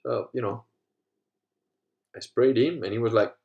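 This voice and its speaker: A man in his fifties, from Africa, telling stories in a casual monologue, swearing freely and swinging between low muttering and loud, animated retelling. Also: measured pace, gravelly, muffled recording. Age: 50s. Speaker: host.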